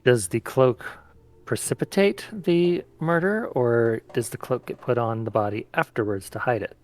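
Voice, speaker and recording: A man playing a tabletop game, reasoning calmly in character. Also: medium pitch, moderate pace. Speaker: player.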